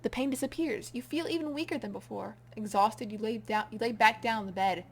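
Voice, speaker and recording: A woman reading a story game aloud as the channel host, dramatic and expressive, going from hushed to loud. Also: a little high, fairly quick, husky.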